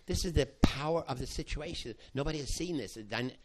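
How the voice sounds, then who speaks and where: An older man, a psychology professor, recounting a past study to an audience in halting speech full of restarts. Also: on the high side, background noise. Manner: halting, with many restarts, acting out quoted voices. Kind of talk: spoken storytelling to an audience.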